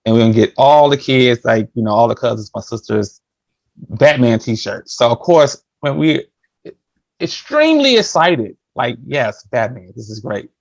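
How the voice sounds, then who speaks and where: A man telling a personal story in a casual chat, animated and acting out voices. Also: moderate pace, gravelly, dry recording, highs cut off. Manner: animated, acts out his younger self in a higher voice. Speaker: podcast guest.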